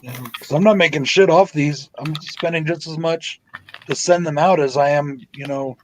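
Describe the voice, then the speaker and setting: A man's voice: a little high, moderate pace, slight background noise, low-quality recording. A man hosting a casual live stream chat, blunt and swearing freely. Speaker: host.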